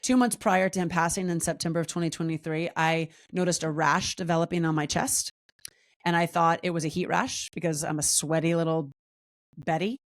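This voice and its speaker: Animated storytelling woman, lowish voice. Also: a little fast. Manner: animated, acts out quoted voices with big pitch jumps. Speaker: podcast guest, wellness coach. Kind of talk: candid storytelling interview.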